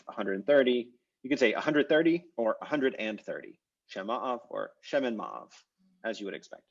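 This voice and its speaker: This man's fairly low voice comes through with the high frequencies missing as he runs a live language lesson on a video call. He works through each step methodically, peppering his explanations with "uh" and "um."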